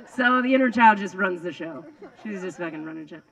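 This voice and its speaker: A woman's voice: medium pitch, vocal fry, fairly bright tone, highs cut off. A woman doing stand-up comedy outdoors on a lawn, rambling, swearing and mocking herself. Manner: rambling, profane and self-mocking. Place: outdoors on a lawn before a crowd.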